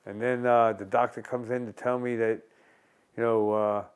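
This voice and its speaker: A man's voice: medium pitch, normal speed, clean tone. A man, a former boxer animatedly telling stories in an interview, often restarting phrases. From Long Island, New York. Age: 60s. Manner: animated, acts out quotes in a raised voice, repeats and restarts. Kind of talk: conversational storytelling.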